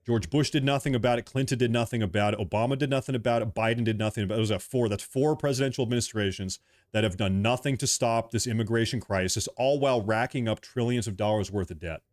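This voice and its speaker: A man's voice: medium pitch, quick pace. A man in his early thirties from the United States, giving a heated political rant full of repetition and swearing. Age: 30s. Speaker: political commentator.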